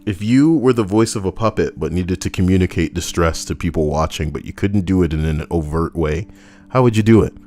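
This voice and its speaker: Faint music plays behind a young man whose low, darkish voice moves fairly quickly. Hosting his casual commentary channel, he rambles profanely, jokes around, and occasionally debates himself.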